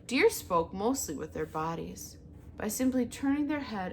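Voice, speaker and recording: A woman reading a children's novel aloud as narrator, with an expressive, animated delivery. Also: medium pitch, unhurried, slight background noise. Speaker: audiobook reader. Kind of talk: storybook read-aloud narration.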